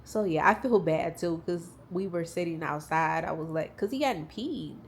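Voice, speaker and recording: A woman's voice: lowish voice, moderate pace, vocal fry, slight background noise. Tearful young woman vlogging about grief. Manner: talks openly about grief, loose and rambling, addresses viewers as y'all. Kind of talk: casual vlog talk to camera. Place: at home.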